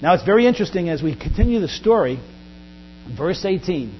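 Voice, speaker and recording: A man preaching a sermon as pastor, animated, often acting out Bible scenes in quoted voices. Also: high voice, fairly quick. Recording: dull lo-fi recording with faint mains hum.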